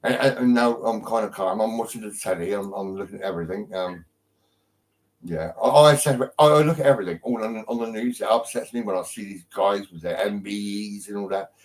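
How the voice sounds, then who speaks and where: A man's voice: fairly low pitch, a little fast, low-quality recording. A man from England on a live stream from his home, talking in a rambling way with lots of ums and restarts and heavy swearing. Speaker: livestreamer. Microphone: phone.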